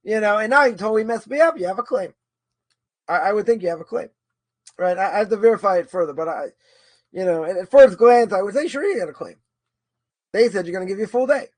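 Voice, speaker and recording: A man's voice: sits high, quick pace, long pauses, dry recording. A man teaching a religious law course, thinking aloud and arguing both sides of a question with many repetitions. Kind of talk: informal lecture answering a question.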